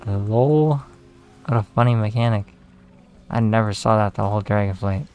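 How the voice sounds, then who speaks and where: A man giving casual, relaxed commentary while playing a game, tired and talking to himself with some swearing. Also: fairly low pitch, normal speed. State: tired, yawning. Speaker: gaming video creator.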